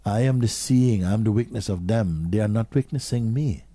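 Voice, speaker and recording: A man giving a slow, questioning spiritual talk to an audience, sometimes dropping to a near whisper. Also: on the low side, mellow, no echo. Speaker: spiritual teacher.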